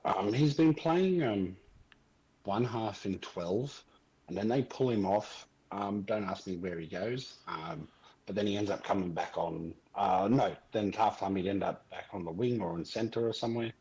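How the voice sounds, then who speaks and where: A man chats on a podcast in a low, husky voice. He rambles, fills pauses with ums and circles back to his point. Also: expressive, a little mellow, rough recording. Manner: rambling, full of ums and hesitations. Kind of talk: casual chat.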